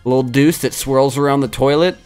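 A young man giving crude, excitable live commentary while he plays a video game, trash-talking and yelling at the screen. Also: medium pitch, a little fast, faint music behind. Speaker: gaming streamer.

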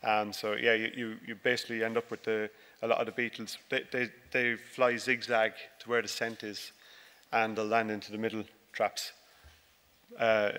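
A man, a dairy farmer, giving a relaxed, joking conference talk with many fillers and restarts, recorded by a stage microphone. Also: on the low side, normal speed, clear, resonant tone. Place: large conference hall. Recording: reverberant hall.

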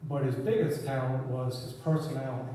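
A man giving a eulogy tells an upbeat story about a friend, laughing as he goes. His mellow, mid-range voice is brisk with fairly even intonation, recorded from far off in an echoey hall with a little hiss or hum.

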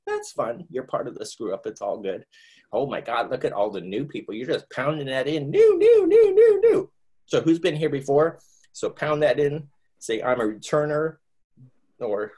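A middle-aged man from Nova Scotia with a Canadian accent, hosting a live online crochet class from home in a jokey, rambling way. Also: husky. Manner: jokey, rambling, breaks into squeaky put-on voices.

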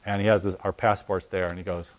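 A man telling a story in conversation, acting out the dialogue as his voice swings from loud to hushed. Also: deep voice, fairly quick, slight background noise. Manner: animated, acts out dialogue with voice rising and falling. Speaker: guest telling a testimony.

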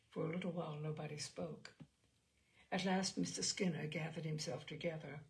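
A woman narrating a literary short story in a measured, dramatic manner. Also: low voice, steady tone, vocal fry. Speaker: reader of short stories.

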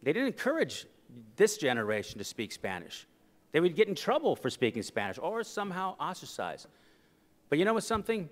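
A man's voice: a little high, fairly quick. Middle-aged man telling stories on stage in a reverberant hall. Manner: animated, acts out quoted voices for laughs. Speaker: keynote speaker. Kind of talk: humorous storytelling speech. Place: conference hall.

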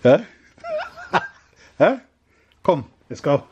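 A man's voice: fairly high pitch, sing-song, drawn-out words, muffled recording, a little hiss or hum. A British man vlogging with his family, teasing and joking on a handheld camera. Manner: teasing, jokey, bantering. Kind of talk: casual family vlog.

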